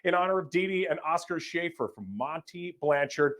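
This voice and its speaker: High-voiced upbeat fundraiser emcee man. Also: normal speed. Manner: energetic, upbeat announcing of donors; stumbles over names. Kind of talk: live fundraising appeal.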